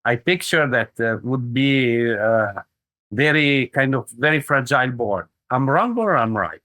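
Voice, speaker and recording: A man hosting a podcast interview, asking questions in halting, hesitant phrases. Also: medium pitch, expressive, sharp tone, dry recording. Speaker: podcast host.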